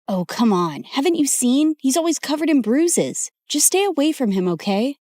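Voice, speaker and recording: A woman's voice: high-pitched, very animated, normal speed, darkish tone, dry recording, clean studio sound. A woman voicing a protective, jealous teenage boy friend who talks insistently in a story. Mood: worried.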